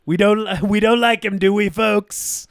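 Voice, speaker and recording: A man doing a bragging president impression, slow, repetitive superlatives, smooth voice, dry close sound. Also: sits high, fairly even intonation, dry recording, voice pushed up. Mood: mocking. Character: man impersonating a boastful US president.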